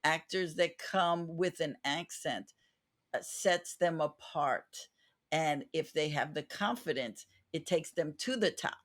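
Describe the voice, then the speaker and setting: Slow and low-voiced, this woman hosts a podcast interview in a relaxed, chatty style. Her manner is earnest and reflective, with frequent restarts.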